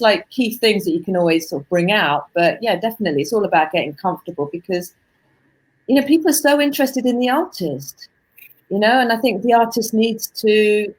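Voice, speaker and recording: A woman guest on a casual video-call interview, an author and artist coach who talks thoughtfully and pauses to find her words. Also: mid-range voice, expressive, slightly rough, rough recording. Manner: thoughtful, searches for words, restarts.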